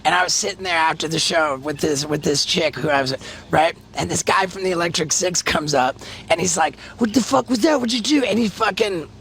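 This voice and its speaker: Gravelly high-voiced man telling wild stories. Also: fairly quick, fairly bright tone, a little hiss or hum. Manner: profane, laughing, rambling. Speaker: podcast host. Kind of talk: casual storytelling.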